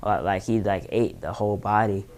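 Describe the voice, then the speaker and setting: A man's voice: lowish voice, steady tone, normal speed, background noise. A man casually recapping movie scenes, rambling with many fillers. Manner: loose, filler-heavy storytelling. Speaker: impressions vlogger.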